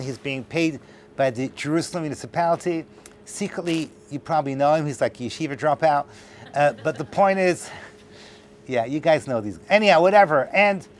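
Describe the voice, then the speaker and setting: Animated high-voiced man lecturing. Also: slight background noise. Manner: animated, joking, talks straight to the audience. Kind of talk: lively class lecture to a live audience. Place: class hall with an audience.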